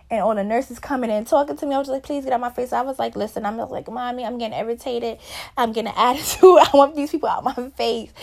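Young woman telling her birth story, emotional. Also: mid-range voice. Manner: rambling, candid, with frequent fillers and restarts; emotional, voice rising when upset. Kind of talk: casual spoken story, voice message.

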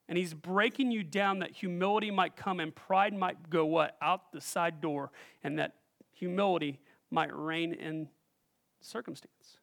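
High, gravelly-voiced man preaching a sermon. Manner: animated, calls out to the congregation, acts out quoted voices. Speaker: pastor.

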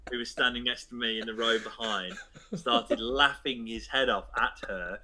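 A man's voice: mid-range voice, steady tone, normal speed, sharp tone, slight background noise, rough recording. A man co-hosting a podcast in casual chat, telling rambling anecdotes. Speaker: podcast co-host.

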